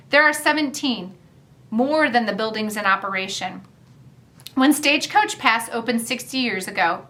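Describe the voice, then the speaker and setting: A woman narrates a first-person audiobook with a wry, chatty delivery. Her voice is bright and fairly high, and it rises and falls freely as she reads.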